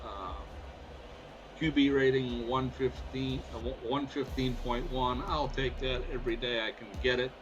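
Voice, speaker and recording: A man's voice: medium pitch, steady tone, a little slow, lo-fi sound. A man casually commenting on his own gameplay, folksy and muttering stats aloud. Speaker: gaming video host. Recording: voice over loud game music.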